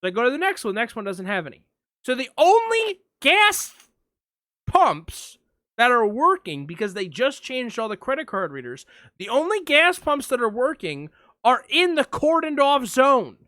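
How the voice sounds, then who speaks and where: A man's voice: extremely high pitch, normal speed, no echo, studio quality. A man co-hosting a podcast, telling a long anecdote in casual chat and acting out what people said. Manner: animated anecdote telling, acts out quotes. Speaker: podcast co-host.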